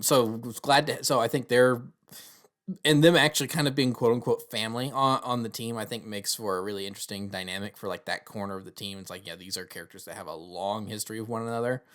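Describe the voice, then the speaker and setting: A man's voice: medium pitch, brisk, a bit bright. A man giving a casual, rambling film review, full of restarts and quote-unquote asides.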